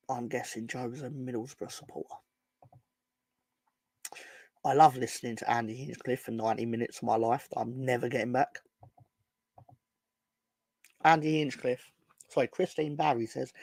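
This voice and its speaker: A man's voice: medium pitch, fairly even intonation, brisk, gravelly, a little mellow, no echo. A man co-hosting a casual football fan show, rambling and sardonic, swearing freely. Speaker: football podcast co-host.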